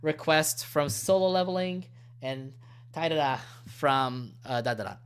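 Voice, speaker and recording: A man hosting a podcast in casual chat, animated and laughing often, stumbling over titles. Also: fairly high pitch, measured pace, smooth. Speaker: podcast host.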